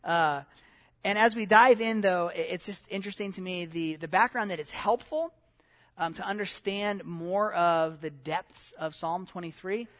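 A man's voice: sits high, moderate pace, fairly bright tone. A middle-aged man giving a conversational sermon as a pastor, with many fillers and restarts.

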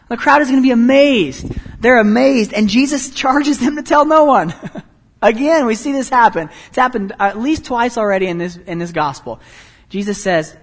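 Animated male preacher in a reverberant hall. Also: sits high, a little fast. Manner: animated, swings between hushed and loud. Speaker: pastor. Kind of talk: sermon.

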